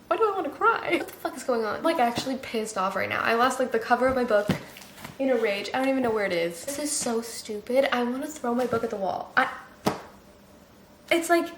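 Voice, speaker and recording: Young woman vlogger, fairly high voice, gushing and animated, faint hiss in the background. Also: reverberant. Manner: gushing, animated, swears when excited. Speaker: book vlogger. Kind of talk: casual vlog talk.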